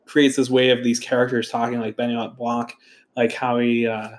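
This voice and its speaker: A man's voice: mid-range voice, level tone, moderate pace. A man casually chatting about a movie he loved, rambling enthusiastically and full of fillers.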